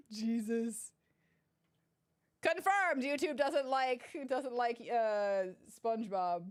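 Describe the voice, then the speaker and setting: A woman's voice: on the high side, lively intonation, extremely slow, pauses often, dry recording, clean studio sound. A woman casually commenting through a game playthrough, chatty, giggly and self-deprecating. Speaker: gaming streamer.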